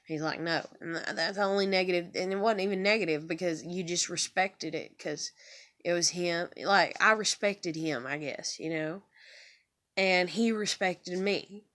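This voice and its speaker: Young woman vlogger, low-voiced, near tears, rambling and swearing; raw confessional monologue. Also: normal speed, fairly bright tone. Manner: rambling, profane, heartfelt. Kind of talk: emotional personal monologue to camera. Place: bedroom.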